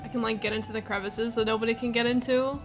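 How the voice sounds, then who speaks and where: High-voiced woman over clear music. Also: fairly even intonation, fast. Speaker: player. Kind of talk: casual tabletop game play.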